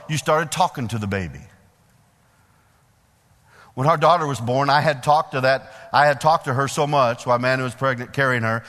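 Middle-aged preacher guy, animated folksy sermon, bright tense voice, big echoey church hall. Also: medium pitch. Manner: folksy, animated, calls out questions to the congregation. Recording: long hall reverb.

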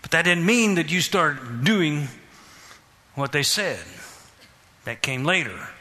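A man preaching a sermon, questioning the congregation and repeating phrases in a steady rhythm. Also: a little high, takes it slowly. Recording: reverberant hall.

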